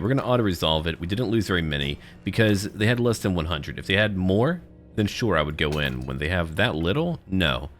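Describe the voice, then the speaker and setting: A man's voice: deep voice, a bit bright. A man giving casual let's-play commentary, chatty and playful, thinking aloud as he plays. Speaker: gameplay commentator.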